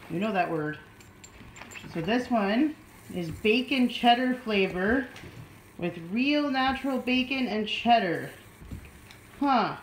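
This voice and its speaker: A young woman talks slowly to her dog in gushing, sing-song baby talk, full of delighted gasps. Her voice rings in an echoey room at home. Steady noise sits behind her. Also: mid-range voice. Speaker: vlogger. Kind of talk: casual unboxing chat with her dog.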